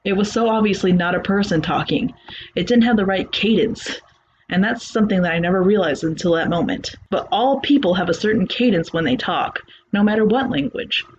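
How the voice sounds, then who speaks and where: Reading a spooky first-person story out loud, the narrator keeps things plain and conversational at a little faster than normal pace. The voice has a middle pitch. It's a home recording, somewhat muffled, with a faint hiss in the background.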